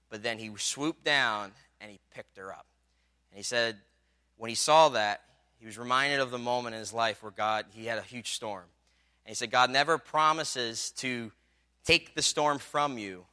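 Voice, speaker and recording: A man delivers a sermon in a conversational storytelling way, full of little fillers. His voice is bright and forceful, smooth and crisp. He builds toward loud, emphatic moments. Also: mid-range voice. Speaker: pastor.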